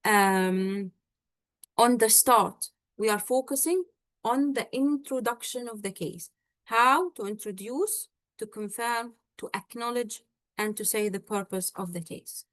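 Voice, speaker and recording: A woman with a fairly high voice leads a medical exam teaching session at an unhurried pace. She checks in with her students often and stops to search for words. The sound is dry and close. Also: a bit bright, no room sound. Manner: explanatory, frequent "okay?" and "all right?" check-ins.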